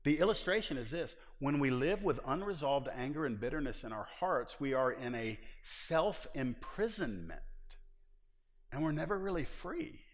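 A man preaching a sermon as pastor, emphatic and folksy, moving between loud stressed lines and soft low passages. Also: animated, normal speed. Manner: emphatic, drawls folksy phrases. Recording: long hall reverb.

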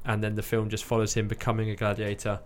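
A man's voice: lowish voice, completely flat delivery, fast. A man hosting a podcast, chatting casually and enthusiastically about a film, with fillers and the odd swear word. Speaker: podcast host reviewing a film. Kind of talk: casual chat.

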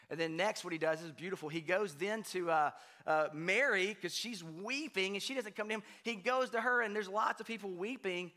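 A man preaching a sermon in a conversational way, often checking in with "right?" and swinging from hushed to loud. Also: high voice. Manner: conversational, frequent "right?" asides, animated swings from quiet to loud. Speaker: pastor.

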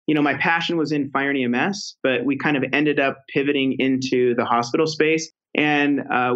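A man speaking as a guest on an interview podcast, telling stories in a loose, conversational way. He circles back and restarts his sentences often, with plenty of fillers along the way. His voice sits at a middle pitch, and the audio sounds a little dull and muffled. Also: creaky, fairly bright tone. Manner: rambling, many fillers and restarts. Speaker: podcast guest, product executive.

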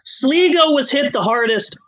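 A man's voice: very high-pitched, animated, a little slow, a bit bright, no room sound, rough recording. A man hosting a podcast, telling a history story in a rambling, sarcastic, casual way with the odd swear. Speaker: podcast host.

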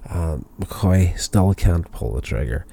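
A man's voice: low-pitched, lively intonation, slow, gravelly, warm tone, breathy edge. A tired man casually recapping a television episode, rambling with many fillers and restarts. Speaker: show recapper.

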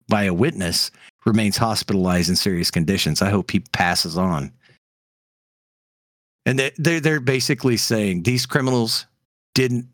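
A man's voice: lowish voice, no echo, clean studio sound. A man co-hosting a podcast, ranting heatedly in casual chat with frequent fillers. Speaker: podcast co-host.

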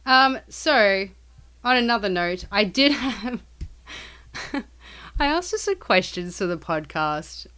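Slow-talking, giggly woman podcaster. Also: mid-range voice, very animated, sharp tone, smooth. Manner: giggly and hesitant, many fillers. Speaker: podcast co-host. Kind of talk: casual chat.

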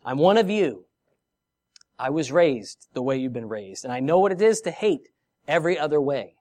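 A man's voice: on the high side, big pitch swings, normal speed, a little mellow. A man preaching who speaks as the apostle Paul, retelling his story in the first person with earnest emphasis. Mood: earnest, emphatic. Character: the apostle Paul, a zealous man defending himself. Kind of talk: sermon.

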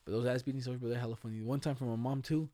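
Slangy young man, mellow voice. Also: medium pitch, steady tone, very fast, dry recording. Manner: slangy, laughing, acts out quoted voices. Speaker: friend telling stories. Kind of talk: casual storytelling chat.

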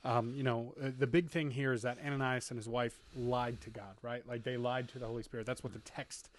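A man's voice: medium pitch, flat delivery, fairly quick, a little hiss or hum. A man co-hosting a casual Bible discussion, asking questions and affirming.

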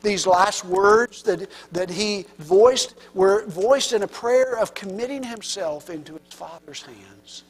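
A man preaching a sermon with passion, his delivery swinging from hushed near-whispers to loud, rising cries. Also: sits high, takes it slowly, hardly any pauses, husky. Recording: long reverb of a large hall.

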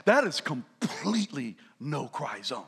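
A man in his fifties preaching a lively sermon as a pastor, telling stories and often shouting with laughter. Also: on the high side, unhurried, vocal fry, husky. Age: 50s. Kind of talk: energetic sermon.

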